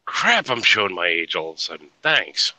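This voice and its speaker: Deep-voiced man with a bright, sharp edge, crude joker in an online hangout. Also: sing-song, moderate pace, rough recording. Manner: crude joking storyteller. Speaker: chat participant. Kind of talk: casual group voice chat.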